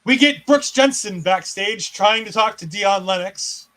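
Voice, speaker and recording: A man's voice: sits high, measured pace, bright, forceful tone, poor audio. A man co-hosting a casual wrestling recap, retelling scenes with sarcastic asides and acted-out quotes. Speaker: co-host.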